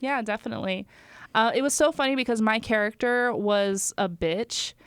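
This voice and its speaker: A woman's voice: fairly high pitch, moderate pace, clean tone. A young woman co-hosting a podcast, telling stories in casual chat with lots of fillers and laughter. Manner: chatty storytelling, laughs often, many fillers. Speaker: podcast co-host.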